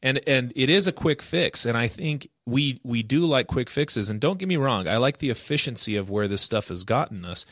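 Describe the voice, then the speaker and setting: A man co-hosting a podcast in casual discussion, animated and acting out quoted voices. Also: medium pitch, moderate pace, hardly any pauses, no room sound, clean studio sound.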